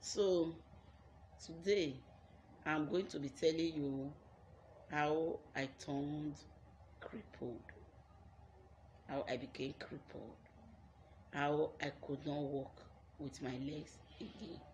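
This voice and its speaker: Low, slow-spoken Nigerian woman storyteller. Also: fairly even intonation, a little mellow, a little hiss or hum. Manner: earnest, repeats phrases for emphasis. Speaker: YouTuber telling her life story. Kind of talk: personal storytelling vlog.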